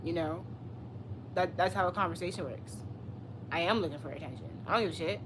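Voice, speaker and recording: A woman's voice: fairly low pitch, fairly quick, pauses often, a little hiss or hum. A woman in her twenties chatting casually on a live stream, answering viewers with blunt, profane, sassy comebacks. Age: 20s. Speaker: livestreamer.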